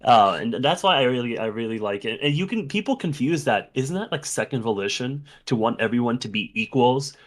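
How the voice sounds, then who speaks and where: A man co-hosting a podcast in casual chat, animated and profane, with quick mocking asides. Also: medium pitch. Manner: animated, swears, laughs, mocks types in quoted voices. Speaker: podcast co-host.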